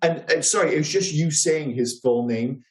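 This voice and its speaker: A man's voice: a little high, normal speed. Male podcast co-host, rambling and self-deprecating, echoey room. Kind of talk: casual podcast chat.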